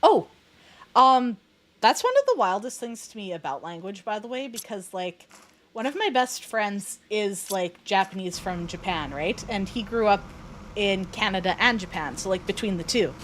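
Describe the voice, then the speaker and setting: A woman's voice: medium pitch, animated, normal speed, a little hiss or hum, low-quality recording. Chatty woman streamer, rambling. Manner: rambling, many fillers and restarts. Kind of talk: casual chat while gaming.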